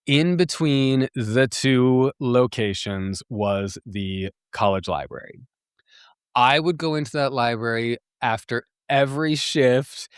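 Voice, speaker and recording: A man's voice: mid-range voice, no room sound. Podcast host, man in his thirties, casual confessional storytelling, self-deprecating laughs, dry untreated sound. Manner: rambling, frequent fillers and restarts, laughs at himself. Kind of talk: candid personal storytelling.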